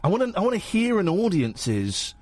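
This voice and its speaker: A man's voice: high-pitched, huge pitch swings, moderate pace, a little mellow, dry recording. A man hosting a casual phone-in radio show in a studio, chatty, jokey and rambling. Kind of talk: casual late-night radio chat. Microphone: studio microphone with headphones.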